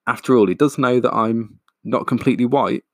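A man's voice: medium pitch, a little fast, dry recording, clean studio sound, pitched above the performer's own voice, lightly acted. A man doing a jokey, nervous young guy. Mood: casual. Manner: casual and jokey.

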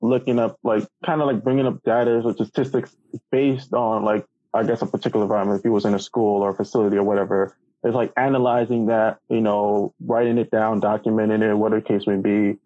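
A man's voice: lowish voice, level tone, quick pace, dark tone, no echo, dull audio. A man hosting a podcast, asking long rambling questions full of fillers and restarts. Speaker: podcast host. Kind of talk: casual interview chat.

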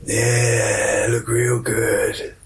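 A man doing a jokey impression of a former American president, with a put-on American accent and flirty, drawn-out lines. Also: fairly low pitch, little pitch movement, gravelly, slight background noise, heavily acted. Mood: teasing.

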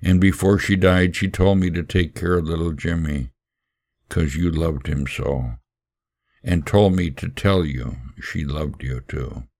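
A man's voice: deep voice, a little slow, creaky, darkish tone, heavily acted. A man voicing a pleading orphan girl. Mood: tearful. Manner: pleading, earnest. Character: poor pleading little girl, orphaned and tearful.

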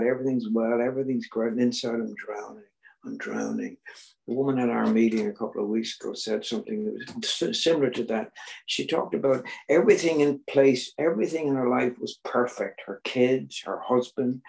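An older man with a Northern Irish accent and a gravelly, creaky voice shares his own story at a recovery meeting. His pitch sits in the middle, and he tells it earnestly, pressing hard on some words and sinking almost to a whisper on others. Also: poor audio. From Northern Ireland. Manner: earnest storytelling that swings between loud emphasis and near-whispers. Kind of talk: personal testimony.

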